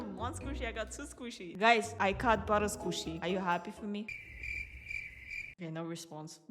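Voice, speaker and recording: A young woman from the United States giving excitable gameplay commentary as a gaming YouTuber, shrieking when chased. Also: fairly low pitch. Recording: echoey with music behind.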